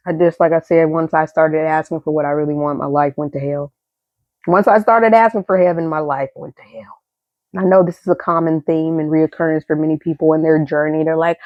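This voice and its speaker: A young adult woman vlogging, telling her story in a rambling, emotional way, repeating words and swinging from high excited tones to low subdued ones. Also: no room sound, highs cut off. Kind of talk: candid storytelling monologue.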